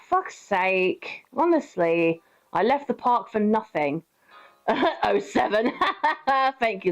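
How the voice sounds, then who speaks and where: A woman's voice: medium pitch, lo-fi sound. A young British woman giving casual, sweary gameplay commentary, chatting, laughing often and cooing at her pet. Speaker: streamer.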